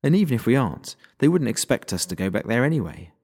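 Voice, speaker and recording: A man voicing an impulsive, stubborn teenage schoolgirl who talks in high, breathless exclamations. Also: very animated, fast talker, a little mellow, breathy edge. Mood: exasperated.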